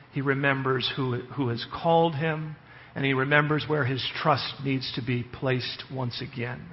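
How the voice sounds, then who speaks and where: A man preaching a sermon, earnest in tone, building to emphatic passages. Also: fairly high pitch. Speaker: pastor. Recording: lo-fi sound in a reverberant hall.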